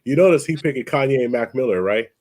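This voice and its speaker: A man hosting a casual live-stream talk show, telling animated stories and mimicking people in quotes. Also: medium pitch, fast. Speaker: podcast host.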